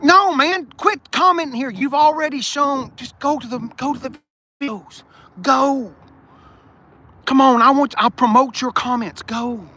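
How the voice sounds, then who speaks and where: With an extremely high pitch, an unhurried pace and a sharp tone, a car channel host streams live from an outdoor car lot. He jokes bluntly with viewers, using no external mic, and wind hits the microphone.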